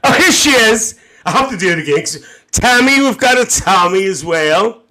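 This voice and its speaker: A man's voice: sits high, lively intonation, normal speed, sharp tone. A man with a Northern Irish accent voicing a cheeky, gossiping middle-aged auntie on a phone livestream. He chats away, reads out viewer comments, calls everyone "dear" and laughs often. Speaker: livestream host. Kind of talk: live-stream chat reading viewer comments.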